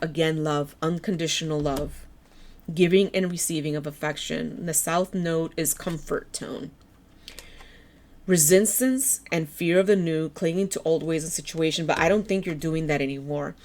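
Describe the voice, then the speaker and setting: A woman with a low, deep voice gives a tarot reading, gentle and encouraging as she turns the cards. Her voice is a little hoarse. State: slightly hoarse. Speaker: tarot reader.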